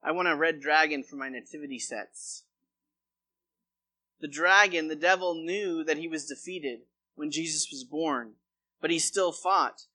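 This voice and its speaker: Man, pastor, sermon, scripture reading, church auditorium, bright tone. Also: fairly high pitch, unhurried. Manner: expository preaching, reading scripture aloud.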